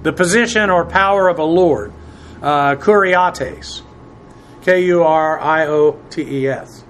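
Guy with a high voice going through greek bible words, spelling them out, lots of uh's, faint hiss behind. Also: a little slow, a bit bright. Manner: spells out Greek words letter by letter, many "uh" fillers; presses emphatic points with rising force. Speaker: Bible teacher. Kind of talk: verse-by-verse Greek Bible teaching.

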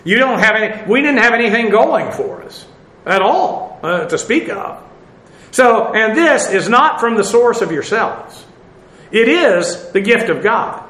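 Male Bible teacher, high voice, rambling and filler-heavy, recorded in a roomy space. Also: very animated, a little slow, pushed and bright. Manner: rambling, with many "uh" fillers, spelling out Greek words. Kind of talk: verse-by-verse Bible lesson.

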